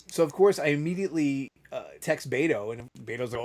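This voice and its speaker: A man's voice: medium pitch, lively intonation, fairly quick, few pauses, darkish tone. A middle-aged man co-hosting a casual chat, telling a rambling story and acting out the quotes. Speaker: podcast co-host.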